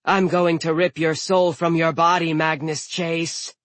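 A man's voice: a little high, flat delivery, unhurried, fairly bright tone, no room sound, pitched above the performer's own voice. A man doing a snarling sea giantess. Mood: snarling threat. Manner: snarling, menacing.

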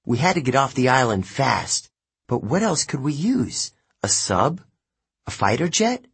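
Husky, unhurried male audiobook narrator. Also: mid-range voice. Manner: expressive, unhurried. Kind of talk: first-person audiobook narration.

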